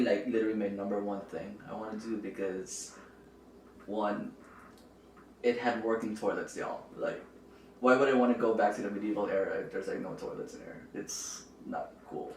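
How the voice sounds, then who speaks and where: A man's voice: on the low side, a little hiss or hum. A young man from the Philippines, a podcast guest chatting casually and playfully, with lots of likes and hedges. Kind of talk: casual chat. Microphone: camera microphone, not the podcast mic. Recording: roomy audio from a distant camera mic.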